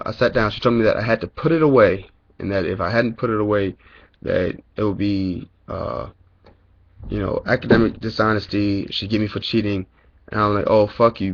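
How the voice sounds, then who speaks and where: Young man, lowish voice, profane rambling storyteller, muffled lo-fi webcam sound. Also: fairly bright tone. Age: young adult. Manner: profane, rambling, lots of "you know" fillers. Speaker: college student telling his story. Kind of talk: casual storytelling rant. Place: indoors at home, dim room.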